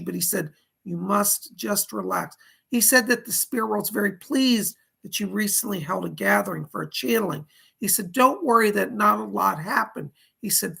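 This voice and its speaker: Gravelly husky-voiced male psychic medium. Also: high-pitched, pushed and bright. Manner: relays spirit messages with repeated "he said"; reads viewer donations aloud with thanks. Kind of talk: live psychic readings.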